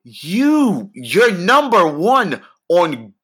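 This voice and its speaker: A young man is hosting his own podcast and ranting in a comic, animated way. His voice is bright, and he swears freely while his pitch jumps suddenly. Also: drawn-out words, slightly rough. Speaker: podcast host. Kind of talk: profane comedic rant.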